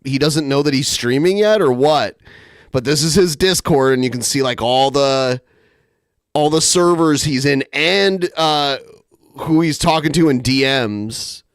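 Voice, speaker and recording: Male podcast host, mocking and laughing, slightly high voice, dry booth sound. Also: a little slow, no room sound. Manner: mocking, laughs while reading out messages. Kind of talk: casual comedic commentary.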